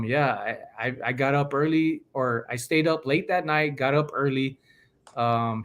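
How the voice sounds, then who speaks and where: Animated man telling stories. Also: medium pitch. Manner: animated storyteller acting out quoted people. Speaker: podcast host. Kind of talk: casual chat.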